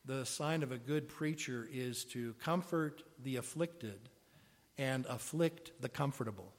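A man's voice: mid-range voice, measured pace. A man preaching a sermon in a conversational way, asking his congregation questions as he goes. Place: church sanctuary. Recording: long reverb of a large hall.

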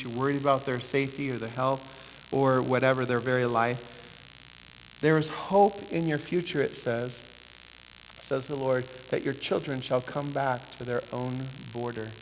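A man preaching a sermon as pastor, building from steady teaching to impassioned, near-shouted pleading. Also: mid-range voice, gravelly. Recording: echoey hall with faint hiss and hum.

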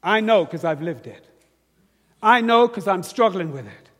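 A man's voice: high voice, animated, a little slow, a bit bright, big-room sound. A man with a British accent preaching a sermon, questioning the congregation and drawing call-and-response. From Britain.

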